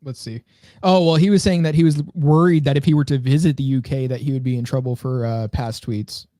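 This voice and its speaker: A man co-hosting a podcast, casually thinking out loud as he scrolls through and reads posts. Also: mid-range voice, fairly even intonation, a little fast, dry recording, studio quality. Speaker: podcast co-host.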